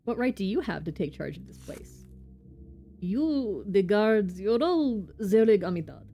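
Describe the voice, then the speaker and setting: A woman voicing a huge, scarred male slaughterhouse foreman in a slow, heavy, clipped way, with a put-on Russian accent. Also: mid-range voice, animated, dark tone. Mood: indignant. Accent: attempted Russian accent.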